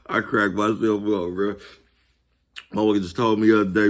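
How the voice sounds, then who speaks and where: A man's voice: lowish voice, steady tone, fairly quick. A man, talking casually to his viewers, laid-back and repetitive, laughing at his own jokes. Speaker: vlogger. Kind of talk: casual monologue to camera.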